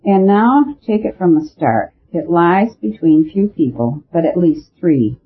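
A man voicing an eager male detective who reasons out loud in a storybook reading. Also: on the high side, animated, unhurried, slightly rough, pitched above the performer's own voice. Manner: eager, argumentative. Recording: narrow phone-like sound.

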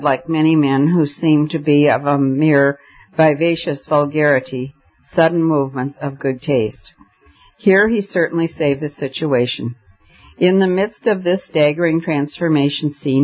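A man narrating a novel in a measured, expressive reading. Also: a little high. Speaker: audiobook narrator. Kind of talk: scripted narration. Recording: dull lo-fi audiobook recording.

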